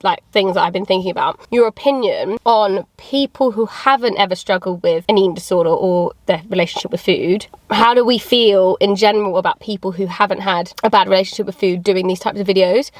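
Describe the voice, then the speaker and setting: A woman with a British accent talking candidly to camera in a casual vlog, chatty and quick to laugh, speaking from her parked car. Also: medium pitch. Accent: British English. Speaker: vlogger.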